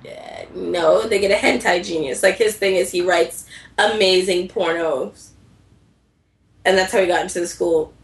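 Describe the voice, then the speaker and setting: A woman's voice: on the low side, normal speed, roomy sound, low-quality recording. A woman chatting casually and telling a story animatedly, acting out the characters' lines as she goes. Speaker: co-host recapping anime. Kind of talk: casual chat.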